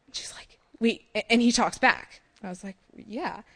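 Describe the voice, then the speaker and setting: A young woman giving a personal faith testimony, talking quickly and excitedly, laughing often, with many "like" and "um" fillers. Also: mid-range voice, breathy edge. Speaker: short-term mission trip speaker.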